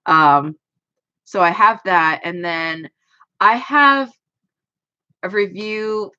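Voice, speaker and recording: A woman's voice: medium pitch, extremely slow, bright, forceful tone, smooth. Chatty young woman streaming from home. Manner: chatty and rambling, self-deprecating. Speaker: anime YouTuber streamer. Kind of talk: casual livestream chat. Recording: dull lo-fi stream audio.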